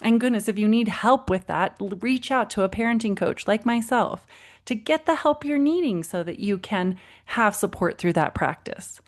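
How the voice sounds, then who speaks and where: A woman's voice: medium pitch, normal speed. A woman parenting coach hosting a solo podcast episode, speaking in an encouraging, friendly way and acting out quoted lines. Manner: warm, encouraging, acts out quotes with animated voices.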